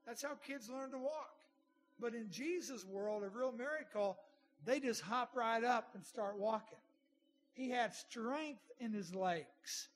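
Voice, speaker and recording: Middle-aged preacher guy, high pitched, talks loose and chatty in his sermon. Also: unhurried, slight background noise. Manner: conversational preaching with asides and restarts. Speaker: pastor.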